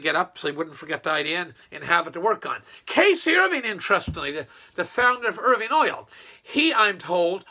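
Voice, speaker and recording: A man's voice: high voice, sharp tone. An older man from Nova Scotia, a retired businessman, rambling in a folksy monologue full of restarts and quoted asides.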